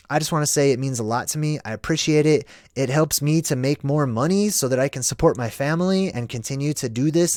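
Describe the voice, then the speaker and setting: A man's voice: on the high side, no room sound, studio quality. An American man hosting a casual livestream, rambling and reflective, often checking in with "right?". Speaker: livestream host.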